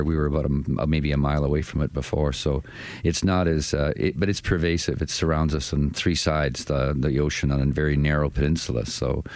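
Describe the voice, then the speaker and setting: Very deep-voiced male poet guest. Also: a little mellow, no room sound. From southern interior of British Columbia. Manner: thoughtful, hesitant with fillers. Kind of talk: conversational interview.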